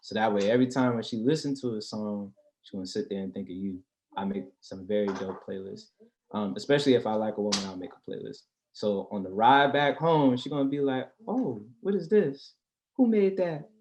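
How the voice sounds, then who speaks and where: A man's voice: fairly low pitch, fairly quick. A man in casual podcast chat, telling a story in slang with plenty of swearing and acting out the dialogue. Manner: animated storytelling, acts out dialogue; heavy slang and profanity. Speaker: podcast guest.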